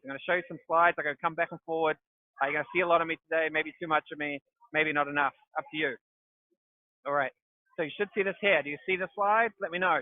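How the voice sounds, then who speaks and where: A man's voice: on the high side, dry recording, phone-quality sound. A man with a New Zealand accent presenting a live webinar as a real estate marketing coach, upbeat and salesy with self-joking asides. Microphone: livestream.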